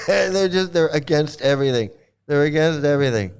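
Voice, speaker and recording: A man chatting casually and rambling, swearing freely, often laughing and mimicking others in quick asides. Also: on the high side, clear, resonant tone. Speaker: streamer answering chat. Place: home in Thailand.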